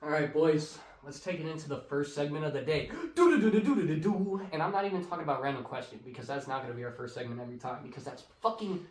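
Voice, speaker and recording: A young man hosting a casual podcast, an excitable storyteller who swears a lot. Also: on the high side, racing, few pauses. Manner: loud, profane, excitable storyteller. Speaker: podcast host. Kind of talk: casual chat. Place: garage. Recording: echoey garage, mic at a distance.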